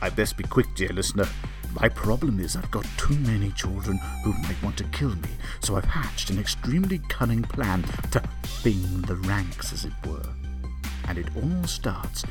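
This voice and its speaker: A man's voice: animated, moderate pace, over music, lightly acted. A man voicing a theatrical, anxious king of the gods, pompous and hammy in his delivery. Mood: conspiratorial. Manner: pompous, hammy, swoops high and low. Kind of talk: comedy audio sketch.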